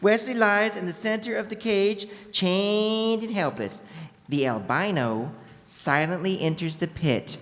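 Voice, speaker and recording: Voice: mid-range voice, a little slow, fairly bright tone. A person reading stage directions at a live convention script reading, casually and with jokey asides. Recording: reverberant convention hall.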